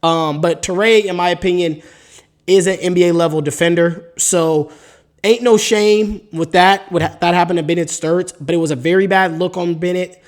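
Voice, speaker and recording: A man hosts his own solo basketball podcast in a steady, fairly high voice at a moderate pace. He's casual and hyped, full of slang as he reads off player stat lines, and he has the hiccups throughout.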